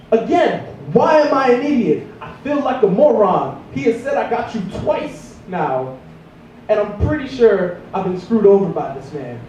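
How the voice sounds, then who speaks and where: A young man doing a stand-up routine, telling a rambling, self-mocking story and jumping into squeaky voices for the characters. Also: very animated, normal speed, warm tone, slight background noise. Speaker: stand-up comedian. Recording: echoey room, distant mic.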